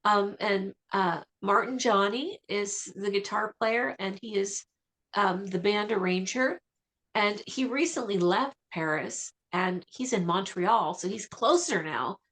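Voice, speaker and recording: A woman's voice: medium pitch, fairly bright tone. Woman singer on a radio interview, chatty, upbeat, keeps adding little asides. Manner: chatty and enthusiastic, quick asides. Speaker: guest vocalist.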